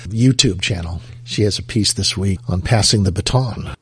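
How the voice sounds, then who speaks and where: A man's voice: low-pitched, normal speed, a bit bright, husky. A man hosting a show, chatting casually and introducing segments. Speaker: show host. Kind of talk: casual chat.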